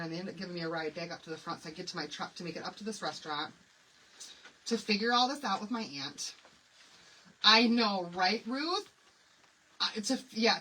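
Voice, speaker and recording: A woman hosting a craft livestream, telling stories in an animated, confiding way and talking to commenters by name. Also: medium pitch, far from the mic, a little hiss or hum, low-quality recording. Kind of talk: chatty storytelling while demonstrating a craft.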